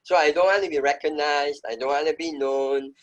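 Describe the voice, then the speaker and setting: Brisk and steady-toned, with a voice on the high side, a middle-aged interview guest tells his story with emphasis and reflection in a conversational setting. The audio is rough.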